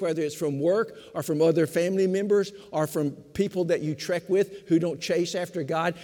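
An older man, a pastor of fifty years, preaching a sermon with emphatic repetition, slowing for stress and speeding through asides. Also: high voice, warm tone. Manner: emphatic preaching, repeats key phrases, shifts between slow stress and quick asides. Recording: long hall reverb.

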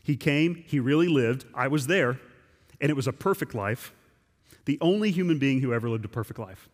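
A pastor preaches in a loose, emphatic way and often circles back to restart a thought. His voice sits at an ordinary middle pitch for a man. It carries a long reverb from the church sanctuary. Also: expressive, moderate pace. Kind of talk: sermon.

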